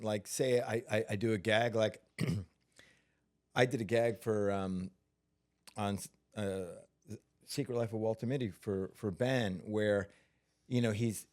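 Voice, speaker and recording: A man, a stuntman guest, telling stories in a relaxed interview, unhurried and full of fillers and restarts. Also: on the low side.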